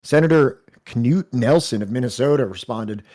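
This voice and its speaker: A man's voice: mid-range voice, moderate pace, a little mellow. A man co-hosting a casual podcast, reading passages from a history book aloud and laughing often between them.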